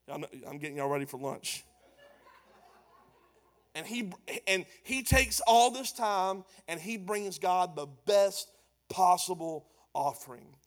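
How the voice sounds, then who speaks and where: A man's voice: high-pitched, slow pace. A man preaching a sermon as pastor, emphatic and conversational. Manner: animated, loud and emphatic, then quieter and conversational.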